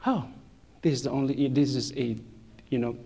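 A middle-aged man telling a personal church testimony, animated, repeating phrases and laughing between lines, with non-native English grammar. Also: mid-range voice, normal speed, vocal fry, slight background noise.

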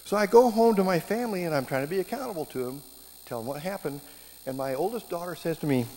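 A middle-aged man preaching a sermon, telling stories in a lively way and jumping up in pitch when he acts out scenes. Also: fast. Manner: animated storytelling, voice jumping up in reenactments. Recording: hall reverb with faint background hum.

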